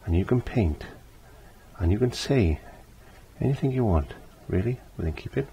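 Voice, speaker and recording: A man's voice: fairly low pitch, lively intonation, normal speed, mellow, slight background noise. An older man giving a casual painting lesson, chatty and repeating his phrases as he works. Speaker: painting teacher.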